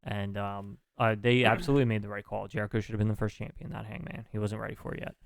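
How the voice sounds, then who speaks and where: A podcast co-host with a lowish, creaky voice talks casually about wrestling, quick and flat, in echo-free studio-quality audio. He's profane and hedging, thinking aloud with lots of fillers.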